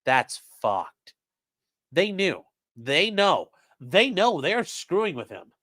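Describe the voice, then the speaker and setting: Animated, swearing man reading a transcript. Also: a little high, slow pace, dry recording, studio quality. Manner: profane, animated, reads quotes in shifting voices. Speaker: legal commentary streamer. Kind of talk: casual live-stream commentary reading a transcript.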